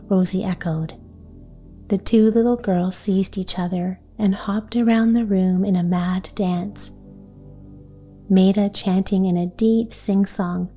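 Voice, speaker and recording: A woman reading a children's story aloud for bedtime, soft and hushed, often close to a whisper. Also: mid-range voice, steady tone, a little slow, faint music behind.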